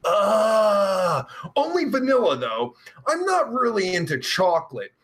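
A young man hosts a live stream, reading out chat and riffing in a rambling, profane, sarcastic way. His voice sits high for a man and swoops all over the place, broken up by groans and long sighs. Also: big pitch swings, measured pace, fairly bright tone.

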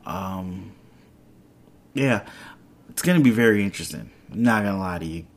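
A man hosting a solo podcast in casual chat, rambling and correcting himself, excitable as he talks. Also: low-pitched, moderate pace. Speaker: podcast host. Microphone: headphones and microphone.

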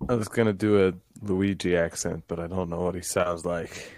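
A man's voice: deep voice, fairly even intonation, moderate pace, darkish tone. A man chatting casually as co-host, making wry, chuckling comments. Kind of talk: casual chat.

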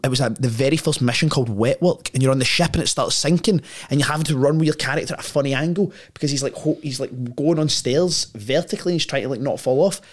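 A man's voice: mid-range voice, fast, few pauses. A man, a podcast guest telling a story in a casual, slangy way, full of "like" and "right?".

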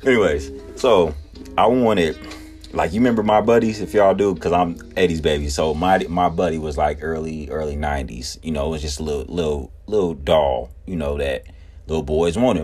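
A man in his thirties hosting a podcast, telling childhood stories casually, laughing often and acting out quotes in high voices. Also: sing-song, normal speed, darkish tone, soft background music. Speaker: podcast host. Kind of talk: casual storytelling.

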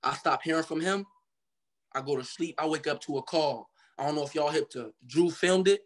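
A man's voice: on the high side, fairly quick. A young man from Cincinnati, Ohio, telling his story as a guest artist in a casual interview, loose and slangy, acting out the people he quotes.

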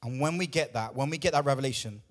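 A man's voice: mid-range voice, fast. A man pastor preaching a sermon with emphatic, repetitive lines, out of breath at times.

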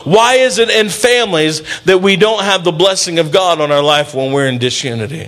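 A middle-aged male pastor preaching a sermon in an animated way, with playful asides and bits where he acts out voices. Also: fairly high pitch, fairly quick.

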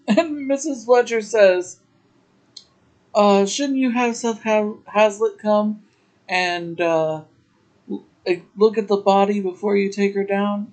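A woman's voice: mid-range voice, darkish tone, rough recording. A woman hosting a podcast, recapping an episode in a chatty, casual way with laughing asides. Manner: chatty, laughing asides, slow drawn-out delivery. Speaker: podcast host.

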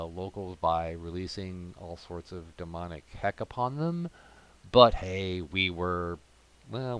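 A man casually telling a funny story about his tabletop game character, animated, with comic asides. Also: deep voice.

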